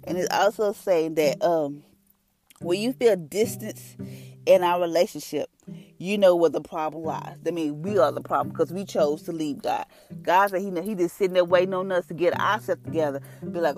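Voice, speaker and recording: Low-voiced woman preaching over music. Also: normal speed, a little mellow. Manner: conversational, earnest, colloquial with many fillers. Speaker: devotional podcast host. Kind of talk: casual devotional talk. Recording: music bed behind voice.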